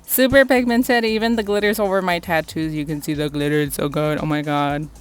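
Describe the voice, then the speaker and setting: A young woman vlogger casually reviewing makeup, gushing and excitable and swearing freely. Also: low-pitched, fairly quick. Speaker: beauty vlogger.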